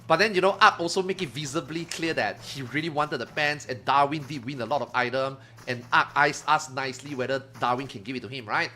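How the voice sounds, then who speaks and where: A man streaming, telling a story to his chat in a casual, animated way, swearing freely and acting out his friends' lines. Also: medium pitch, fairly quick, hardly any pauses, a little hiss or hum.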